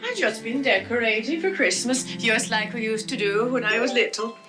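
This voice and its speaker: An actress playing a lonely, homesick Swedish maid in a put-on Swedish accent, speaking softly and breaking into song. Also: female voice, a little high, moderate pace, close to an everyday voice. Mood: wistful. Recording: clip with loud music behind.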